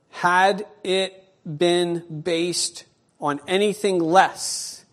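A middle-aged male pastor preaching a sermon, telling a personal story in an animated way and acting out the voices. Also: high-pitched.

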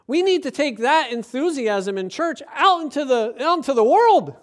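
Male pastor, high voice, animated sermon delivery with acted-out asides. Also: moderate pace. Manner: lively, acts out quoted voices, rising to emphatic preaching.

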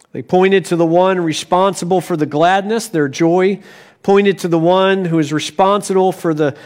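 A man preaching a sermon as pastor, deliberate, with bursts of animated storytelling. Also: on the high side.

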